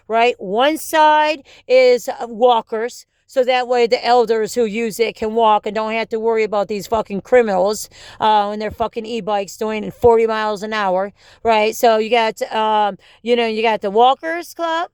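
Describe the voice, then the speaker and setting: A woman's voice: fairly high pitch, clean tone, dry recording. A woman in an angry, rambling monologue, swearing often and jumping between topics.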